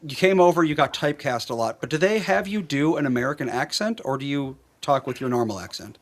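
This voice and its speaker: Man, Minnesotan accent, co-host, jokey chat, very lively up-and-down pitch. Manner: joking, chatty, drawn-out asides. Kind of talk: casual radio-podcast chat.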